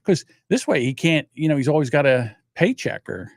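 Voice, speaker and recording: A man in his sixties hosts a livestream, speaking at a moderate pace in a fairly high, sing-song voice. The sound is clean studio audio with no room sound. He chats casually, telling rambling stories and swearing freely.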